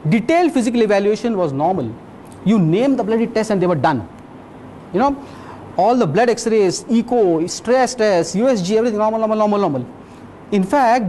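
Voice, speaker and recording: Blunt, lively doctor lecturing. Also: male voice, high voice, brisk, slight background noise. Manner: lively, blunt, quizzes the audience. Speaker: physician lecturer. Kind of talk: medical lecture with storytelling.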